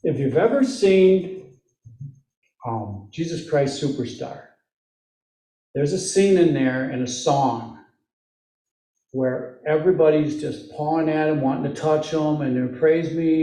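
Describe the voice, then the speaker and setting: A man's voice: a little high, measured pace, pauses often, mellow. A man with a Midwestern American accent giving a conversational sermon, full of questions to the congregation and joking asides. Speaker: lay preacher. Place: church sanctuary. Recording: echoey church room, mic at a distance.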